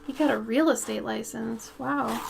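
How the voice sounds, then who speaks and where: A woman's voice: on the high side, moderate pace, creaky, slight background noise. A young woman chatting casually with viewers while she paints on a live stream, a bit sniffly from allergies. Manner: chatty, reads out and answers viewer messages, swears when she sneezes. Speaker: art streamer.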